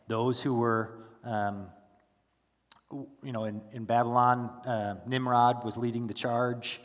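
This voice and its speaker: A man teaching a Bible study class in a relaxed, conversational way, full of fillers and restarts, who stops to ask his class questions. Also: medium pitch, slow, in a large hall. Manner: casual, with frequent fillers and restarts. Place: church classroom.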